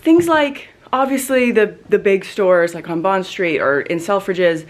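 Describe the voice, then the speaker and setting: A woman's voice: medium pitch, unhurried. A woman talking casually to her camera in a hotel room for a travel vlog, chatty and upbeat with lots of "like". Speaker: vlogger.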